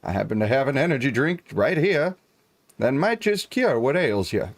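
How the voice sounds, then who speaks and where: A man voicing a folksy old-timey male apothecary who sells snake oil, with slow, courtly shopkeeper patter. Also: medium pitch, big pitch swings. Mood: welcoming.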